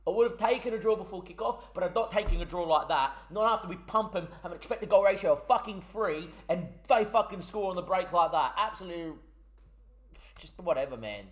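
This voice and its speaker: A man's voice: sits high, lively intonation, fairly quick. A young man, a gaming YouTuber ranting through heated, swearing commentary on a match result.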